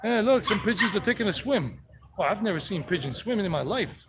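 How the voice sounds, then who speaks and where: Man, tour guide vlog, chatty and playful, a bit high-pitched, outdoors, clear street noise. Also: lively intonation, fairly quick. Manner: chatty, playful, talks to animals. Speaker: travel vlogger and tour guide. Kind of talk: casual walking tour vlog. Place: outdoor town square.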